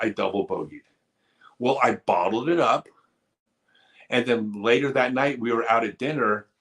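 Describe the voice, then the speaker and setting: A man with a mid-range, slightly bright voice hosts a live stream, fielding viewer questions. He gives candid, earnest advice in a casual way, now and then joking and teasing.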